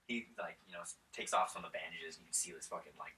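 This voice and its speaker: A man's voice: deep voice, rapid-fire, pushed and bright. A man narrating a tabletop game as game master, casual and rambling, often laughing. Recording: echoey room, distant mic.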